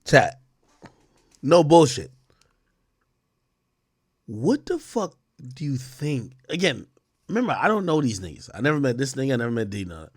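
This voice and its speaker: Man, reaction streamer, swearing, laughing, lively pitch, dry close mic. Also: normal speed, pauses often, dry recording. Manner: profane, animated, laughs often. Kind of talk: casual reaction commentary.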